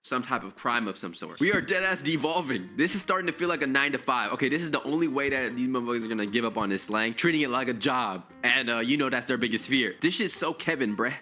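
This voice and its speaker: Animated, swearing reaction guy. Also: medium pitch, quick pace, few pauses, faint music behind. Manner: excitable, swearing, jokey. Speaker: reaction video creator.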